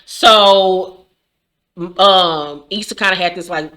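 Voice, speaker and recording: Brief: casual woman vlogger, low-ish and punchy, loose slangy recap talk with lots of swearing. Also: takes it slowly, pushed and bright. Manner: slangy, profane, chatty storytelling. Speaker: YouTuber recapping a TV episode.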